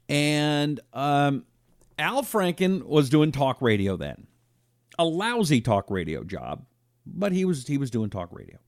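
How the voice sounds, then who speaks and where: A man hosting a live talk show, reading an ad and viewer comments in an animated, emphatic way. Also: medium pitch, no echo, clean studio sound.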